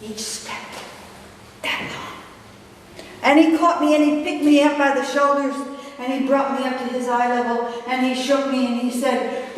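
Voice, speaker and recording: A woman's voice: sits high, fairly even intonation. An older woman giving a dramatic personal storytelling speech at a club meeting, recorded from far off in an echoey hall with faint hiss. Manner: dramatic, measured pauses. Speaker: toastmasters speaker.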